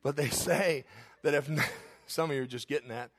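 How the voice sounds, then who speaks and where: A man preaching a sermon as pastor, emphatic and rising into loud bursts. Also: medium pitch, fairly quick.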